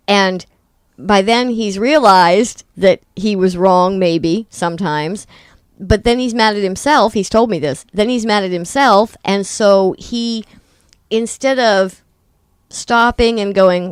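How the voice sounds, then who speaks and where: A middle-aged woman co-hosting a talk show, telling personal stories in a candid, self-deprecating way with quick restarts. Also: mid-range voice, clean tone, no room sound, studio quality. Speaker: podcast co-host. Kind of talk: casual chat.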